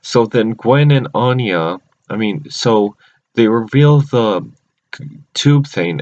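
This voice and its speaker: A man's voice: medium pitch, expressive, slow pace, darkish tone. A man casually recapping cartoon episodes, rambling and often restarting or correcting himself mid-sentence. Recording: dull lo-fi recording.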